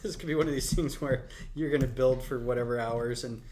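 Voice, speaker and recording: A man's voice: medium pitch, fairly even intonation, brisk, noisy background. A man hosting a casual build-along chat, joking and breaking into impressions. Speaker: host. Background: background music.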